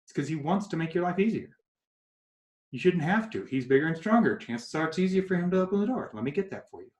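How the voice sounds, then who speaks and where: A man talks through his advice in a casual interview, telling anecdotes and slipping into quoted voices. His voice sits a bit high for a man. The room around him sounds echoey. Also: fast talker. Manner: animated storyteller acting out quoted voices. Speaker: guest coach.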